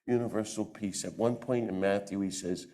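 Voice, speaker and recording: A man giving a lively talk to a church audience into a microphone, acting out the voices he quotes. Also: lowish voice, normal speed. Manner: animated, acts out quoted voices. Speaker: guest speaker.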